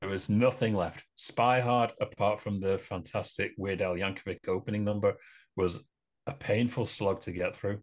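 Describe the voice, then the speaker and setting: A man with a lowish voice co-hosts a relaxed podcast. He rambles through his film opinions, laughs easily and hops from one complaint to the next. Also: moderate pace. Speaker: podcast co-host. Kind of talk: casual podcast film chat.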